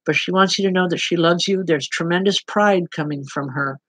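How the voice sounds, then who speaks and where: A woman's voice: fairly low pitch, brisk, a bit bright, slightly rough, no room sound, low-quality recording. A woman working as a medium, giving spirit readings online and speaking directly to people by name in an earnest, plain-spoken way.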